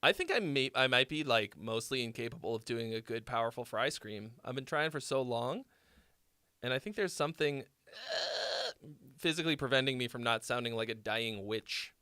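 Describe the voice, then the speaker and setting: A man's voice: medium pitch, expressive, normal speed, pushed and bright, clear, resonant tone, no echo. A man casually critiquing a listener's song as host, rambling with lots of fillers and the odd swear. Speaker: host reviewing viewer songs.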